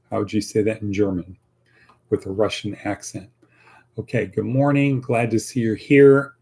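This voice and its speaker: Man, podcast host, unhurried delivery, husky voice, lowish pitch, folksy and rambling. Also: steady tone, mellow. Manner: rambling, folksy, repeats phrases. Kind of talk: casual motivational podcast monologue.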